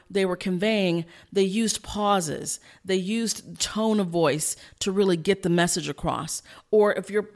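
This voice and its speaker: A woman coach and host giving an energetic, fast-paced instructional talk, emphatic and using her pitch to illustrate points. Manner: fast-talking.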